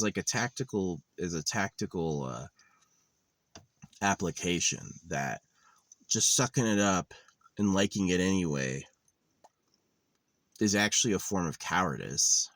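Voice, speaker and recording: Very low-voiced man ranting profanely. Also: no room sound. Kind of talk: rambling monologue vlog. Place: outdoors in a wooded area.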